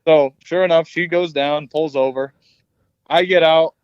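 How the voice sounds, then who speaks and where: A man in casual chat, telling a lively story and acting out the dialogue. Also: fairly high pitch, unhurried, smooth, no echo. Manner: animated storyteller, acts out dialogue. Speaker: podcast guest. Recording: dull lo-fi dry sound.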